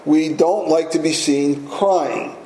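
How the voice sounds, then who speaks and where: A man's voice: fairly high pitch, slow, mellow, a little hiss or hum. A man preaching a sermon as pastor, emphatic and fond of rhetorical questions. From United States. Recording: roomy echo, faint ambience.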